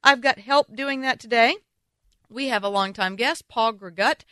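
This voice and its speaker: Woman, radio wine show host, playful, teasing, bright tone, dry studio sound. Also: on the high side, moderate pace, clear, resonant tone, dry recording.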